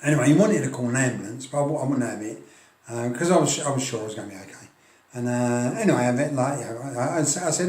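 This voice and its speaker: A man's voice: medium pitch, lively intonation, quick pace, darkish tone, roomy sound. A middle-aged Englishman, vlogging about his wargaming hobby in a chatty, self-deprecating way, often laughing and restarting his sentences. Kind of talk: casual rambling chat to camera. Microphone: filming on a tablet.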